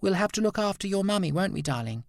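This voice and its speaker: A man voicing a tender, anxious young woman sculptress in a raised, soft voice. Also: on the high side, lively intonation, brisk, dry recording, pitched above the performer's own voice. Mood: gentle.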